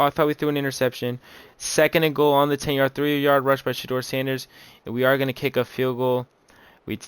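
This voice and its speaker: A young man calling his own football video game, nervous and excited, swearing and saying "man" and "bro" a lot. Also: medium pitch, clear, resonant tone, dry recording. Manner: hyped, anxious play-by-play, swears, says "man" and "bro" a lot. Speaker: gaming YouTuber. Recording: game music playing loud underneath. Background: video game music.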